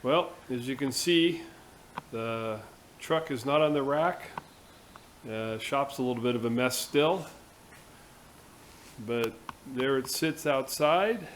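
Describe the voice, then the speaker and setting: A man's voice: mid-range voice, takes it slowly, pauses often, slight background noise, rough recording. A man hosting a casual workshop vlog, talking in an easygoing, rambling way with many fillers. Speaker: workshop video host. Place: home workshop.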